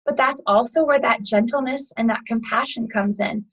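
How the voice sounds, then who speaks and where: A woman with a fairly high voice tells a story in an interview, animated and chatty and full of small fillers. She speaks as a yoga teacher sharing a lesson. The audio is a little muffled and lo-fi. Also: moderate pace, husky. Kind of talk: storytelling a parable in conversation.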